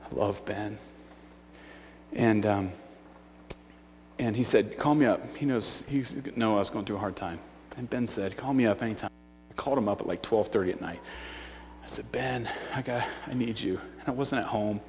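A man preaching a sermon as a youth pastor, dropping to hushed near-whispers and then rising to loud shouts. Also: fairly low pitch, normal speed, slight background noise. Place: church sanctuary. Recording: long hall reverb.

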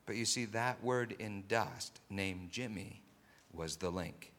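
A man preaching a sermon, telling a story slowly and deliberately with many pauses, building from quiet narration to loud, impassioned passages. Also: fairly low pitch, big-room sound.

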